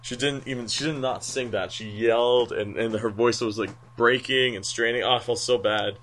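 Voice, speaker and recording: A man's voice: mid-range voice, fairly even intonation, moderate pace, fairly bright tone, slight background noise. A man co-hosting a podcast, chatting casually and often restarting his sentences. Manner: chatty, many restarts and fillers. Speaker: podcast co-host. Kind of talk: casual chat.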